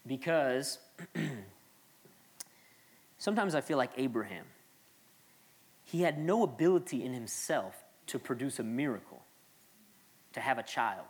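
A man's voice: medium pitch, lively intonation, measured pace, pauses often. Earnest man preaching a conversational sermon. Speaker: pastor.

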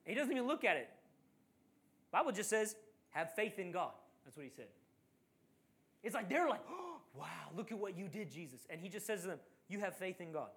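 A male preacher delivers a sermon in an animated storytelling manner. He acts out the voices of the figures in the passage he reads, jumping high for the frantic ones and sinking low for the calm ones. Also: fairly quick, long pauses.

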